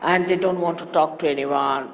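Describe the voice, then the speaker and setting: A woman giving a spiritual talk to followers, animated and teasing with amused asides. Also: low voice, moderate pace, dull audio. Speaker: spiritual teacher. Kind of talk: sermon-style spiritual talk. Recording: echoey hall with faint hiss, archive 1989 tape.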